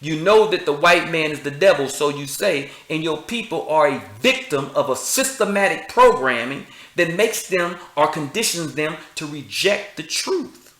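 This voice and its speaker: A man's voice: a little high, expressive, normal speed, hardly any pauses, fairly bright tone, roomy sound. A man, speaking preachy and confrontational, firing rhetorical questions and street slang. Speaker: commentator. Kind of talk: impassioned address to camera.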